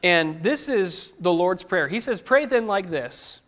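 A man's voice: sits high, lively intonation, a little slow, a bit bright. A man preaching a sermon in an earnest, conversational way, putting direct questions to his listeners.

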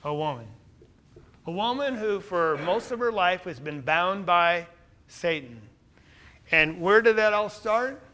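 Man, sermon, bright tense voice, wide swinging pitch, question-and-answer preaching. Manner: asks the listeners questions and answers them; emphatic, rises to louder emphasis.

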